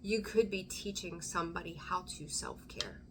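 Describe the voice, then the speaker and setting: Casting note: a woman tarot reader with a lowish voice, digressive and chatty, slipping into whispers. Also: moderate pace, background noise. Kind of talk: casual intuitive tarot reading.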